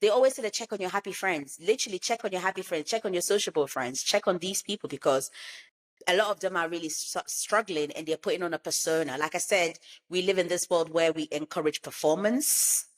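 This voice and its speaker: A woman's voice: lowish voice, fairly quick. A woman in casual podcast chat, who repeats words for emphasis. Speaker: podcast co-host.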